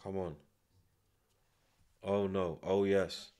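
A man's voice: sits low, little pitch movement, drawn-out words, clean tone. A man giving live reaction commentary as a football watchalong host, swearing heavily and barking short, repeated commands. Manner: swears heavily and shouts in frustration.

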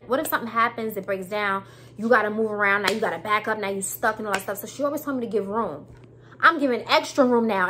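A woman's voice: a little high, fast, a bit bright, a little hiss or hum. A woman telling a storytime vlog in a casual, emphatic way, with speech and some preachy repetition. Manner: emphatic, preachy, repeats herself.

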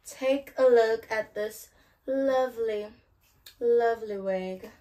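A young South African woman chatting casually through a hair tutorial, playful and given to loud outbursts. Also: on the high side, slow pace. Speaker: hair vlogger.

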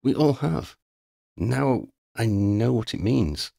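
A man reading the part of an awed young man in an audiobook, speaking slowly. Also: medium pitch, lively intonation, gravelly, warm tone, no echo, studio quality, voice pushed up, heavily acted.

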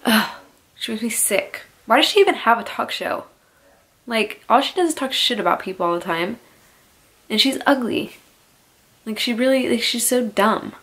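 A woman's voice: fairly high pitch, expressive, normal speed, a bit bright. A young woman vlogging a heated, profane rant straight to her camera at home, full of "like" fillers. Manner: heated, swearing, filler-heavy "like".

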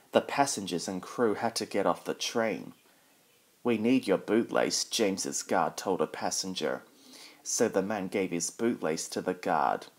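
Reading a children's picture book at a leisurely pace, a man speaks in a very deep voice. Every character is voiced by him, with little variation between them.

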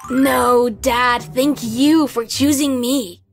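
A woman's voice: high voice, steady tone, slow pace, soft background music. A woman voicing a vain, spoiled adopted daughter who works as a model, sneering and haughty. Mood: sweet. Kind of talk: animated story voice acting.

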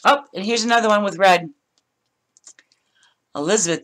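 A middle-aged woman with a medium-pitched, slightly bright voice chats casually at a moderate pace while opening craft mail at home. She's a craft vlogger doing an unboxing, gushing and laughing often.

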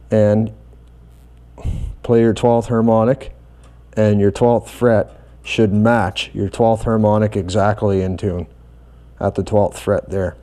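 A man explaining bass guitar adjustments step by step in a calm, methodical tutorial. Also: takes it slowly, pauses often.

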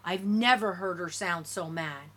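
A woman reading a first-person audiobook in steady, lower-key narration. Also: a little slow.

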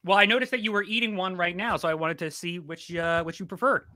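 A man's voice: high-pitched, quick pace. A man hosting an online movie show in a jokey, playful way, telling stories and bantering with guests. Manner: jokey, animated storyteller. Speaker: host.

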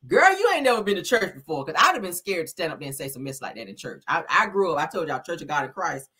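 A young adult woman hosting a casual commentary show, laughing often and acting out the people she quotes, with a husky voice. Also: sits low, quick pace. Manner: animated, laughing, acts out quotes. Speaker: host.

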